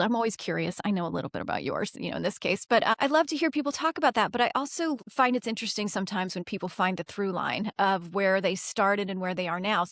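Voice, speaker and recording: A woman's voice: mid-range voice, fairly bright tone, no echo. Effusive woman podcast host, dry sound. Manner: effusive and openly emotional. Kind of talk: podcast interview.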